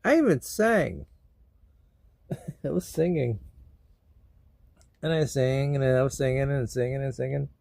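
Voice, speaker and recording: A man vlogging about feeling sad and sleepy, talking in a slow, rambling way with sudden loud bursts. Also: medium pitch, gravelly, no room sound. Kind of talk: emotional personal vlog.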